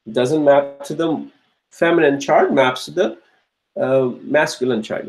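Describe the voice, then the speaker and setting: A male teacher slowly working through grammar exercises in class, repeating each answer and checking in with the students. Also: fairly high pitch, a little mellow, low-quality recording. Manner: slow and repetitive, restates each answer; checks in with "okay?" and "right?".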